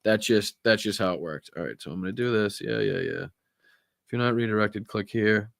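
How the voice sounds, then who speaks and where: A man's voice: lowish voice, normal speed, gravelly, a bit bright, no room sound, studio quality. A man with a Boston accent hosting a live political commentary stream, reading news aloud with sarcastic, profane asides. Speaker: political talk show host.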